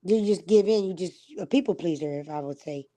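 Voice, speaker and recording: A woman's voice: on the low side, a little fast, mellow, no echo. A woman hosting a casual livestream chat, blunt and emphatic, swearing freely. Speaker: livestream host.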